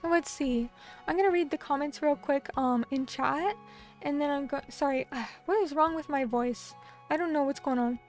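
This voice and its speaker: A woman's voice: high-pitched, moderate pace, a little mellow, soft background music. A young adult woman chatting casually on a live stream, effusive and thankful, often tripping over her words. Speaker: vtuber streamer.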